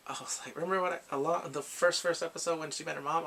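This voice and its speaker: A man recapping a drama episode in a casual, excited way, acting out the characters' lines and his own reactions. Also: a little high, fairly quick, vocal fry, a little hiss or hum. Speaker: drama reviewer.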